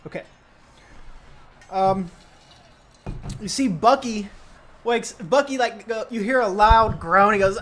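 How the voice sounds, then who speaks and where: A man's voice: high voice, slow pace, long pauses, fairly bright tone. A young man narrating as game master, casual and hesitant, with many fillers.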